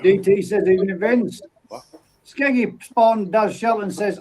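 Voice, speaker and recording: A man hosts a casual live stream, reading viewer comments aloud one after another. His voice sits fairly high for a man, and his manner is easygoing and friendly as he greets people by name. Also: a little slow, darkish tone, low-quality recording. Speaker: livestream host.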